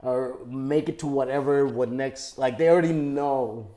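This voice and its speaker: Animated man in his forties. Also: medium pitch, moderate pace. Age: 40s. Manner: animated, acts out friends' voices, trails off. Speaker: comedian guest. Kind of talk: casual podcast chat.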